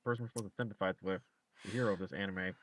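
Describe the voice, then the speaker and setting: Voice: deep voice, steady tone, racing, a little hiss or hum. A stream guest reacting indignantly, swearing and repeating mocking lines. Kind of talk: casual stream chat.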